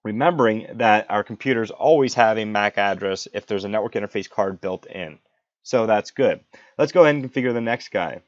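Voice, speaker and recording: A man's voice: lowish voice, a little fast, no echo. Male tech instructor, casual and eager, dry close sound with a dull, muffled edge. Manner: chatty, enthusiastic, reads out numbers step by step. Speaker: network instructor. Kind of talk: screen-recorded software tutorial.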